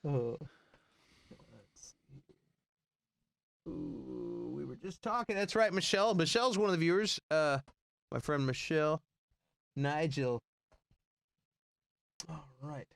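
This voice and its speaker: A man's voice: fairly high pitch, takes it slowly, long pauses, no echo. A man co-hosting a casual livestream chat, telling stories and acting out voices as he goes. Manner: animated storyteller, acts out voices. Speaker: co-host of a livestream.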